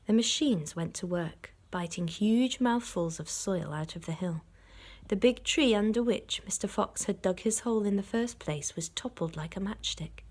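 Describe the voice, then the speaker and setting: Reading to children from a storybook, a woman who teaches primary school uses an expressive style and stops now and then to explain words. She speaks at a moderate pace with a medium pitch.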